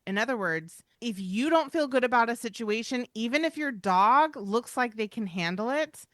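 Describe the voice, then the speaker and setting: A woman's voice: fairly high pitch, animated, moderate pace, dry recording, studio quality. A woman co-hosting a podcast about dog training, talking in an emphatic, reassuring, chatty way. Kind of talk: casual podcast chat.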